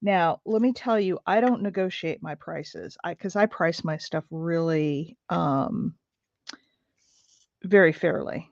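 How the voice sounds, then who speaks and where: A woman's voice: lowish voice, slow pace, no echo, muffled recording. A middle-aged woman telling a story while she crafts on a livestream, chatty and rambling with lots of fillers and asides.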